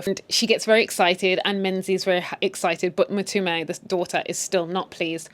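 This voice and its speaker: A woman's voice: fairly low pitch, moderate pace. Sassy woman recapping a drama. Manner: sassy, expressive, opinionated asides. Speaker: recap host. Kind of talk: casual story recap with commentary.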